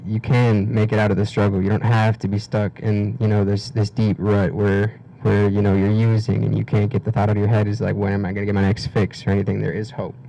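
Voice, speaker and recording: A teenage young man tells his story to a community gathering, his low, mellow voice halting, full of fillers and restarts. He sounds emotional, close to tears, with a faint hiss behind him. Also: completely flat delivery, vocal fry, low-quality recording. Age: teens. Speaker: guest speaker. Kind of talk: personal testimony at a community event.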